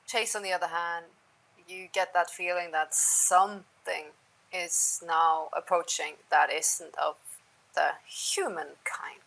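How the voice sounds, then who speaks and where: A woman runs a tabletop game, setting each scene for her players. Her voice is bright and sits a little low. She often sinks to a hushed, near-whispered delivery. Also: fairly even intonation, slow pace, creaky, rough recording. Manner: laughs often, drops to soft near-whisper in narration. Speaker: game master.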